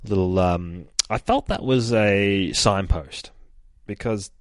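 Low-voiced man chatting through a comic. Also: takes it slowly, no echo. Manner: casual, chatty, swears, many fillers; holds his voice down. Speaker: comic book reader. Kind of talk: casual comic read-through. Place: home with a child asleep nearby.

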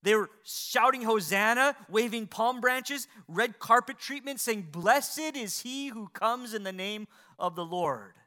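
Bright high-voiced preaching man. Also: lively intonation, unhurried, hardly any pauses. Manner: preaching with rising emphasis and rhetorical questions. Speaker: pastor. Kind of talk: sermon.

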